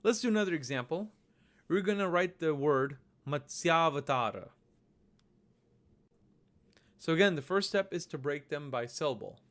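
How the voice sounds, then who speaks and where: A man narrating a recorded lesson over slides, explaining each step slowly and patiently. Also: fairly high pitch, lively intonation, fairly bright tone. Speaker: language teacher.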